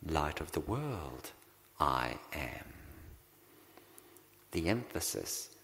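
Male pastor, low gravelly voice, unhurried sermon delivery, reverberant church sound. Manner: slow, deliberate preaching with dramatic pauses.

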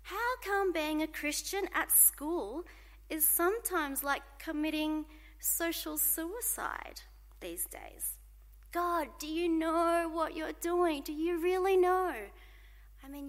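Woman, sermon, unhurried delivery, long hall reverb, calls for responses. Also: high voice. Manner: animated, asks the congregation to call out responses. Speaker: preacher. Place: church hall.

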